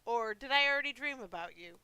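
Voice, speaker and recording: A woman's voice: a little high, lively intonation, a little fast, bright, forceful tone, clean tone, no echo, pitched above the performer's own voice, low-quality recording. Woman voicing Svoznik, a chatty old monster. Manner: rambling, self-mocking, talks to himself. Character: chatty forgetful old male monster, lonely.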